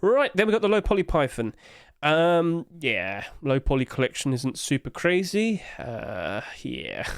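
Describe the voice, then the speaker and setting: A man's voice: a little high, very animated, measured pace, smooth, dry recording, clean studio sound. A man hosting casual commentary, chatty and hedging, with apologetic asides, recorded at home on a desk mic. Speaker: host.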